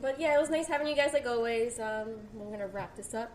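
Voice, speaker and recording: Her voice is fairly high and her pace quick as she co-hosts a podcast over background noise. She chats casually, telling stories that wander and lean heavily on filler words.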